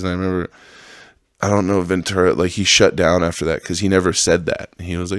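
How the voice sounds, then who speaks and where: Deep-voiced man in a profane rambling rant. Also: fairly even intonation, quick pace, clean tone, no room sound, studio quality. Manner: profane, rambling, sarcastic, laughs often. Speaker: podcast host. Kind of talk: casual monologue rant.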